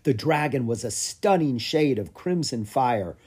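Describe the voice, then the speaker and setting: Husky-voiced man reading a children's story. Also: mid-range voice, measured pace. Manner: lively storytelling. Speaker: audiobook reader. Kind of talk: scripted narration of a children's book.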